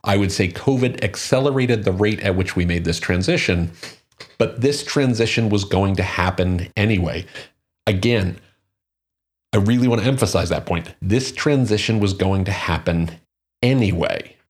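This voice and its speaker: A man's voice: fairly low pitch, normal speed, husky. A man giving a solo talk on marketing, reading out quotes and figures and then stressing his own points. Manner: reads quotes and statistics, then comments emphatically. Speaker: marketing commentator.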